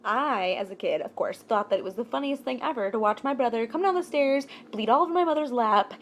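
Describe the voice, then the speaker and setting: A woman vlogger telling a childhood story in casual, animated and jokey storytime narration. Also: fairly high pitch, brisk, a little hiss or hum.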